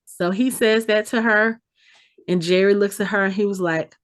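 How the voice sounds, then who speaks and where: A woman on a casual podcast, retelling scenes with lots of energy. She slips into the characters' lines as she recaps, and her pitch sits in an ordinary middle range. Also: fairly even intonation, normal speed. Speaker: podcast co-host. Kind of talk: casual chat, episode recap.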